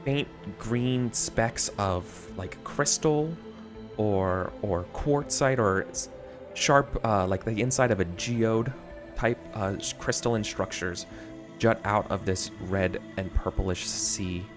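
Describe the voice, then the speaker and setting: A man narrating a tabletop game as game master, halting with many fillers. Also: fairly low pitch, music in the background.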